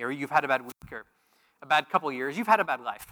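A man preaching a sermon as pastor, speaking plainly and then rising to loud, emphatic peaks. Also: mid-range voice, expressive, a little fast, long reverb tail.

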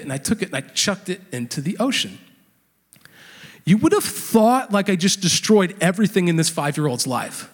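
A man in his thirties preaching a sermon, telling a family story in a conversational, animated way. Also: fairly high pitch, moderate pace, breathy edge. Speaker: pastor. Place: church.

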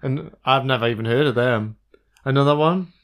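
A man's voice: medium pitch, moderate pace, a bit bright. A man co-hosting a retro gaming podcast, talking in a rambling, casual way full of crude jokes. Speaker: podcast co-host.

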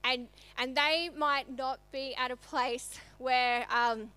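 A woman in her thirties speaks from the church stage, telling a personal story to the congregation. Her voice sits high and bright, and her delivery is chatty and animated. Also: slow, clean tone. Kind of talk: sermon testimony.

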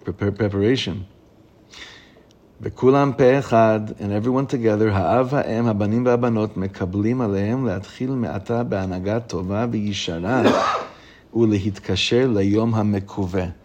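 A man teaching a class as a rabbi. He reads a text aloud, explains it line by line, and grows lively when he quotes excited children. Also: fast, dull audio. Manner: animated, pitch rising when reading children's excited questions. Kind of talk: Torah lesson.

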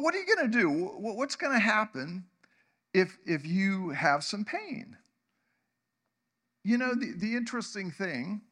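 Pastor, 60s, high bright voice, chatty sermon delivery with lots of questions to the room. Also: male voice. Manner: conversational, asks the congregation questions, chuckles often.

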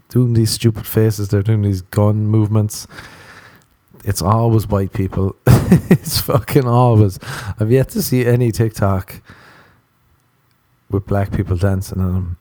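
A man's voice: fairly low pitch, mellow, dry recording. Crude ranting male podcast comedian. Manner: crude ranting, profane, sarcastic. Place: Los Angeles home recording.

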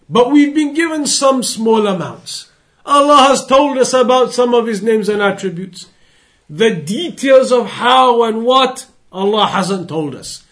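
A man with a strikingly high voice teaches a creed lesson. He drives his points home with emphatic repetition and a stream of rhetorical questions. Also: fairly bright tone.

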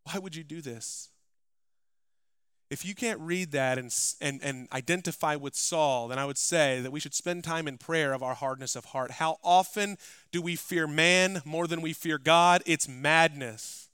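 A man preaching a sermon in a bright, slightly high voice that sounds smooth and crisp. He climbs to loud, emphatic passages and falls back to quiet asides. The sound is dry and close. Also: measured pace, no room sound. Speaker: pastor. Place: church.

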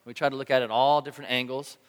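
A man preaching a sermon to a congregation, telling a story with animated energy and acting out his own shouts. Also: mid-range voice, fast, clear, resonant tone. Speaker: pastor. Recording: long hall reverb.

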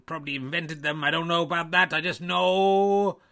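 A man's voice: fairly high pitch, gravelly, bright, forceful tone. A man doing a hammy stage-Irish snooker player. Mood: blustering. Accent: fake stage Irish. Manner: slow, blarney-laden clichés, rambling.

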